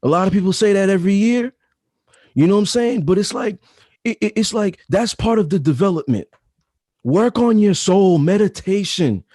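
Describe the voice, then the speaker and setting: A man's voice: sits high, lively intonation, moderate pace, warm tone, dry recording, clean studio sound. A man in his thirties, a podcast guest talking casually, with emphatic, repetitive advice-giving. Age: 30s. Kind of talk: casual chat.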